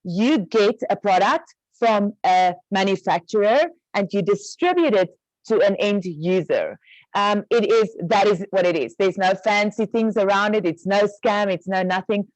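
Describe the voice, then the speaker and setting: A woman's voice: medium pitch, a little slow, no echo, low-quality recording. A woman explaining business terms step by step on an online training call, casual with many fillers. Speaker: network marketing trainer.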